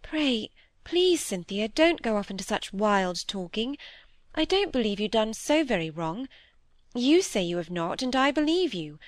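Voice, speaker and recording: A woman reading the part of a gentle, timid young woman who pleads earnestly. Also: a little high, sing-song, measured pace, dry recording. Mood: pleading.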